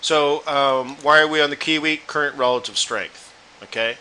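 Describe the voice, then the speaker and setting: A man's voice: on the high side, normal speed, pushed and bright, slight background noise, low-quality recording. A man hosting a live trading webinar, chatting loosely and talking straight to his viewers. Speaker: forex trading room host.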